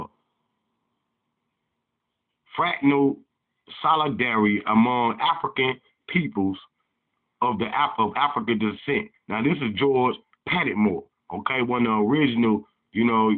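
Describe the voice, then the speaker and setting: Host type: heated preachy man lecturing casually, thin phone-quality audio. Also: mid-range voice. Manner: fiery, preachy, heated rants. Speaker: channel host. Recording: tinny phone-like sound.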